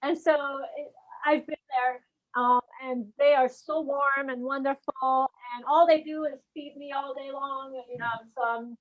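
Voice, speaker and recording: A woman's voice: high voice, steady tone, unhurried, no echo, phone-quality sound. A woman lawyer from California, telling a chatty, self-mocking story in an interview over a video call and laughing often. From California, USA. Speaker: lawyer, guest presenter.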